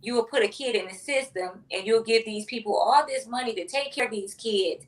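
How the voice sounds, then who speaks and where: A woman's voice: fairly high pitch, brisk, recorded from a distance, low-quality recording. A woman, a mother, speaking heartfelt and emotional as an interview guest. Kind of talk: interview chat.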